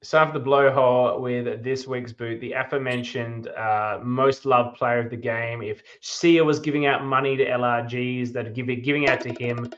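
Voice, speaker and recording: A man hosting a casual podcast chat, enthusiastic and quick to restart his sentences. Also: mid-range voice, steady tone, fairly bright tone, dull audio. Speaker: podcast host.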